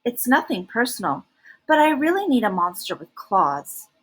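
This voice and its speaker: A woman's voice: a little high, very animated, normal speed, slightly rough. A woman doing an earnest, picky storybook child. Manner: earnest, questioning. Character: anxious, picky young child.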